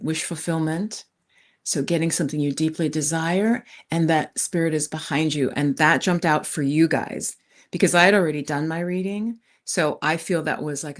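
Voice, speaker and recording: A woman hosting a tarot live stream, chatting casually with viewers in a rented countryside room. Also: sits low. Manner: chatty, warm asides to viewers, frequent "you guys". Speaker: tarot reader, channel host.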